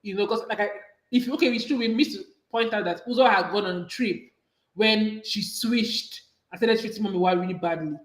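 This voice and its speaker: A woman's voice: mid-range voice, a little fast. A woman recaps a film plot for her co-host in easy conversation. Her mid-range voice rings in a roomy, echoey space. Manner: conversational storytelling with fillers. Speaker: movie review co-host. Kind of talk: casual chat. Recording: echoey room.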